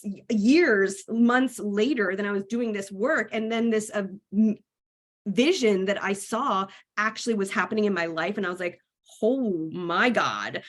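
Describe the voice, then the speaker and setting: A woman's voice: fairly high pitch, a bit bright. A woman in her thirties from New York, a wellness coach who tells a personal story to teach a lesson in a candid, frank way. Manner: candid and frank, speaks to viewers directly.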